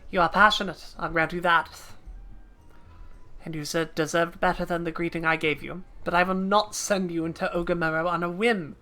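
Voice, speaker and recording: A woman reading the lines of a grizzled veteran mercenary captain in a stern, measured way. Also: on the low side, fairly even intonation, bright, forceful tone, faint music behind.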